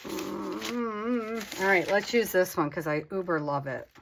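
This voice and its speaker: Over some background noise, a crafting channel host speaks slowly in a medium-pitched, gravelly voice. She's candid and self-deprecating in her casual vlog, chatting to her supplies while she works.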